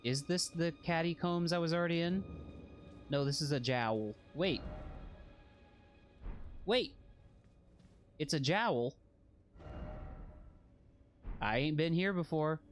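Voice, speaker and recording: A man's voice: a little high, unhurried, pauses often, soft background music. Self-deprecating man streaming a game. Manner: rambling, self-deprecating, jokey. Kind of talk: casual gameplay chat.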